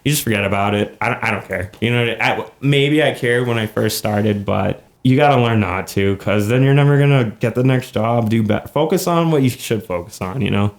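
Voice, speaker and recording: A man's voice: lowish voice, fairly quick, hardly any pauses. A man on a podcast as a guest, giving earnest, motivational business advice and repeating phrases for emphasis. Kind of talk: casual podcast chat.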